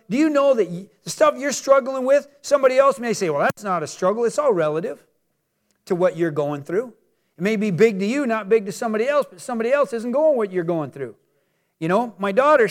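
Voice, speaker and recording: A middle-aged man preaching a sermon in an unusually high voice. He talks straight to his congregation, asking rhetorical questions and repeating key phrases to build them up. His tone stays casual, like a pastor chatting from the pulpit.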